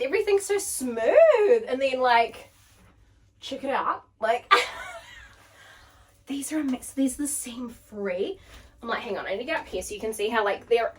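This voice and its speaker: A woman's voice: a little high, fairly bright tone, recorded from a distance. A young woman vlogging in casual chat, bubbly and gushing, full of "like" as she tries on clothes at home. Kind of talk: casual try-on haul chat. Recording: voice picked up from across the room.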